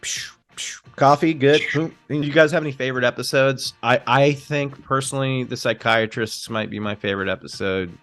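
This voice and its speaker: A man's voice: medium pitch, steady tone, brisk, hardly any pauses, a bit bright, faint music behind. Enthusiastic laughing man on a podcast. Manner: laughs often, enthusiastic storyteller. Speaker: podcast co-host. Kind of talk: casual film chat.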